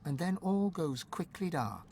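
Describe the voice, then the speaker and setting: A man narrating a fantasy game in an expressive, scripted storybook delivery. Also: on the high side, unhurried, a little hiss or hum.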